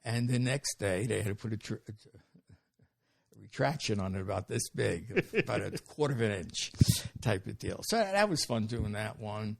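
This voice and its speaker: An older man from Brooklyn, a comedian, telling animated stories as a podcast guest with frequent restarts. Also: on the low side, moderate pace, vocal fry, no room sound. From Brooklyn, New York. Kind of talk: podcast storytelling.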